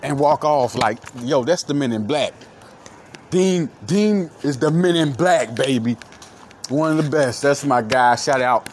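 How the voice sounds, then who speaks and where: A man's voice: mid-range voice, lively intonation, a little slow, a little hiss or hum. A man hosting a solo sports podcast, hyping players and repeating himself with lots of slang and "baby". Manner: hype, repetitive, calls listeners "baby". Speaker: podcast host.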